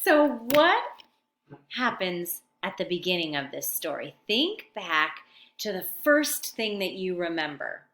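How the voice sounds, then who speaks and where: A woman's voice: lowish voice, big pitch swings, unhurried, fairly bright tone. A woman teacher reading a picture book aloud to young children, then asking them questions about the story in a sing-song way. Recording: roomy echo.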